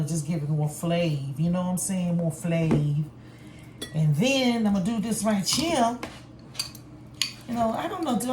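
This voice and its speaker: A woman's voice: on the low side, mellow. An older woman chatting playfully through a home cooking video in her kitchen. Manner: chatty, playful, breaks into song. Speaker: home cook vlogger. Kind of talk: casual cooking vlog. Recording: echoey kitchen with cooking noise. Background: cooking sounds, sizzling pan.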